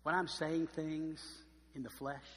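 A man preaching a sermon as pastor, emphatic and swinging from quiet, slow stress to loud emphasis. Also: fairly high pitch, flat delivery, big-room sound.

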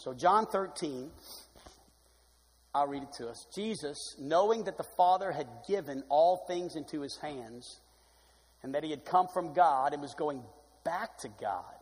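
High-voiced male pastor preaching in a reverberant hall. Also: moderate pace, breathy edge. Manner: dynamic preaching, swinging from loud emphasis to hushed. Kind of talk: sermon. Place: church sanctuary.

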